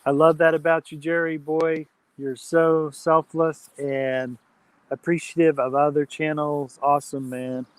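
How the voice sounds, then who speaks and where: A man with a drawl talks easily through a live stream by the fire, greeting viewers and reading their comments aloud. His voice sits slightly high for a man. The sound is dry and close. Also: little pitch movement, a little slow, smooth, no room sound. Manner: chatty, reads chat aloud, friendly shout-outs. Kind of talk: casual live-stream chat. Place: outdoors at a campfire.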